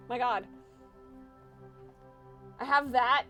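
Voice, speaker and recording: A young woman with a high, bright voice streams a detective game from her desk mic, giggling and swearing casually as she reads the game text aloud. Faint game music hums underneath. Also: takes it slowly, pauses often. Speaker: gaming streamer. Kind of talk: casual live-stream chat and gameplay.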